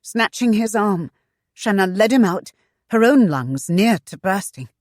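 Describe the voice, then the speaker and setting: A woman reading a historical romance novel aloud in a measured, unhurried way. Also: mid-range voice, animated, darkish tone, no room sound, clean studio sound. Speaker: audiobook narrator. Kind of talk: scripted narration.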